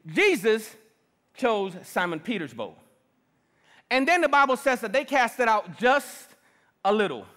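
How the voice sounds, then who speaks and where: A middle-aged man preaching a sermon as pastor, lively and personal, calling on the congregation. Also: very high-pitched, unhurried, long pauses. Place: large church hall. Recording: long reverb of a big hall.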